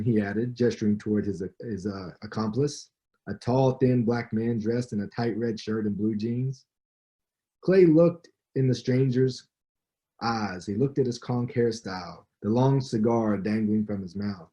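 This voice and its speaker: A man's voice: lowish voice, normal speed, warm tone. A man, the author, reading from his book and adding commentary in a conversational storytelling way.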